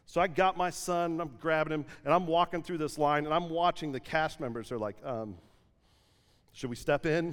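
A man's voice: on the high side, normal speed. Man telling a story in a reverberant hall. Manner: lively anecdotal storytelling with frequent "like", acting out quotes. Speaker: pastor. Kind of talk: storytelling sermon. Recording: long hall reverb from a church stage.

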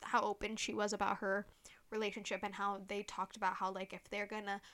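Young female podcast host, mid-pitch, gushy and filler-heavy, casual solo chat. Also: level tone, brisk, fairly bright tone. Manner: chatty, gushing, full of "like" fillers; playful, teasing sign-off.

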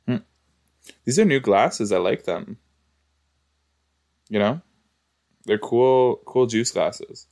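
A man's voice: mid-range voice, takes it slowly, long pauses, darkish tone. A man giving casual, exclamatory commentary while reacting to a show, talking back to the screen. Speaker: reaction video host.

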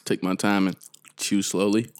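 A man with a somewhat low voice hosts a casual podcast. He rambles from one thought to the next, jokes constantly and breaks into laughter. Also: flat delivery, normal speed. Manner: joking, laughing often, rambling. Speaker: podcast host.

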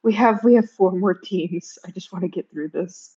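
A woman's voice: on the low side, moderate pace, warm tone, slightly rough. Hesitant young woman, dull lo-fi mic. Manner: hesitant, stammering. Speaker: podcast guest. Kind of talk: casual chat.

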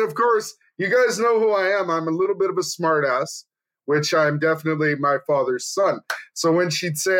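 A man's voice: fairly high pitch, normal speed, a bit bright. A middle-aged man hosting a casual chat, telling stories with a teasing edge and laughing often. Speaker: podcast host.

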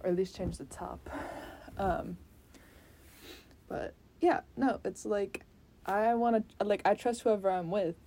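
A woman's voice: on the low side, slight background noise. Sassy, chatty young woman. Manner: sassy, animated, lots of fillers and restarts. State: sweaty after activity. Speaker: vlogger. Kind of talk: casual talking-to-camera rant.

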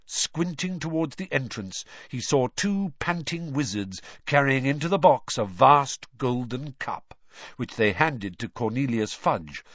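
A man narrates a fantasy story with a lively, rising and falling pitch that keeps each sentence moving. The recording is dry and close, with a slightly dull, muffled top end. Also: no room sound. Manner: animated, shifts voice for characters. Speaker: audiobook narrator.

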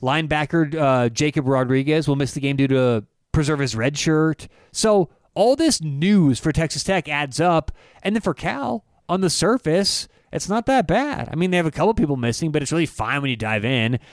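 Male podcast co-host, casual and chatty, works through numbers aloud; slightly high voice, dry sound. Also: animated, moderate pace, dry recording. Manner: rambling, self-correcting, lots of numbers. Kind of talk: casual sports betting talk.

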